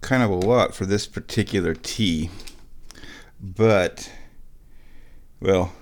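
A man's voice: low-pitched, slow. A man hosting a casual vlog, making tea in his kitchen and talking playfully to himself as he goes. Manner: playful, talks to himself while working, hums. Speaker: vlog host. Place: house, kitchen indoors.

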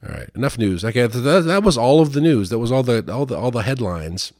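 A man's voice: medium pitch, sing-song, fast, few pauses, darkish tone, dry recording, studio quality. A man hosting a show, reading news headlines aloud and giving casual, rambling commentary. He is sardonic and swears freely. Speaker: host.

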